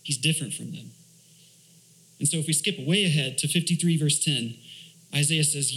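A man's voice: a little high, normal speed, long pauses, a bit bright, poor audio. A man, a church elder, preaching a sermon, asking rhetorical questions, reading scripture aloud and explaining Hebrew words.

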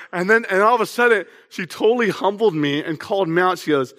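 A man's voice: sits high, expressive, fast talker, hardly any pauses, a bit bright, long reverb tail. A young man preaching a sermon as a pastor in a church, in a casual, chatty way, often asking the congregation to respond.

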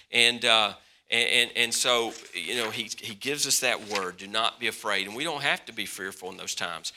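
A man preaching a sermon as pastor, telling stories with dramatic swings between loud bursts and hushed moments, often repeating words and restarting sentences. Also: mid-range voice.

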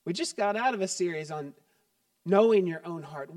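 A middle-aged man preaching a sermon as pastor, conversational and joking, turning quiet and earnest. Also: sits high, big pitch swings, moderate pace, dry recording, distant mic.

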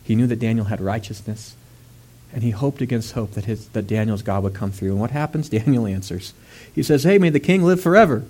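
Animated male preacher telling a story. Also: on the low side, fairly quick. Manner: animated, rising to raised emphatic delivery; conversational asides with fillers and laughs. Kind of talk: sermon.

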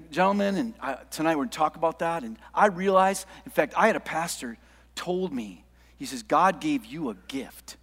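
High-voiced animated male preacher. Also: husky. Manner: animated, swings from quiet to shouting. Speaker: pastor. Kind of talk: sermon with anecdote. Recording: long hall reverb.

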